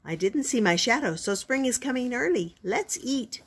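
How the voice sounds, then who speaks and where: A woman voicing an eager, scheming young male groundhog in a storybook read-aloud, with a bright, pleading manner. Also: fairly high pitch, animated, normal speed, slightly rough, pitched above the performer's own voice. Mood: excited.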